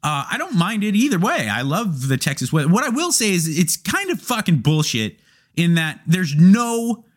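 A man's voice: high voice, normal speed. A young man hosting a casual question-and-answer chat, candid and joking, swearing freely as he reads and answers viewer questions. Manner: candid, profane, animated and joking.

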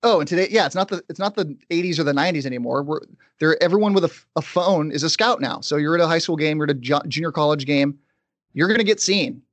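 A man's voice: fairly high pitch, no room sound. Man, podcast host, casual sports talk, dry close sound. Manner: conversational, quick asides.

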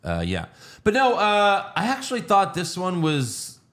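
Lively man recapping wrestling. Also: high voice, a little slow. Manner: animated storytelling, laughs often. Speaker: podcast co-host recapping wrestling. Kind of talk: casual chat.

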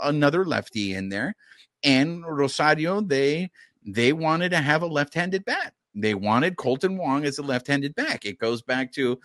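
Man, podcast host, lively pitch swings, slightly high voice, addresses fans. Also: no echo, clean studio sound. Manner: animated, talks straight to the fans. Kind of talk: live sports podcast talk.

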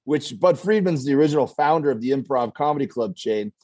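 A man's voice: medium pitch, animated, brisk, warm tone, no echo. A man, a comedian guest on a talk show, telling rambling stories and acting out voices. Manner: rambling storyteller, acts out voices in quotes. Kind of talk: casual talk show anecdotes.

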